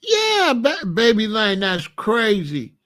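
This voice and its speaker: Blunt, high-voiced man ranting to viewers. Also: wildly swooping pitch, slow pace, fairly bright tone. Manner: blunt, emphatic, talks straight to viewers. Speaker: commentator. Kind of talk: casual political commentary.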